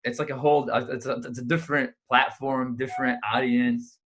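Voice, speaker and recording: A man's voice: medium pitch, a little fast. A man being interviewed as a comedian guest, talking casually and loosely with slang and frequent restarts. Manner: relaxed, restarts often, slangy.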